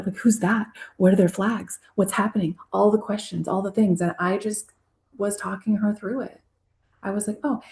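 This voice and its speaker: A woman therapist, a podcast guest, telling personal stories casually and lively. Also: mid-range voice, roomy sound. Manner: storytelling, animated when quoting herself. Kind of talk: casual interview chat.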